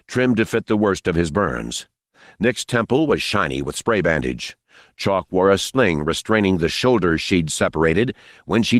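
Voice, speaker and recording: A man reading an unabridged novel aloud in a measured, even narration. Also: low voice, no room sound, studio quality. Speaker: audiobook narrator. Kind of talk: scripted audiobook narration.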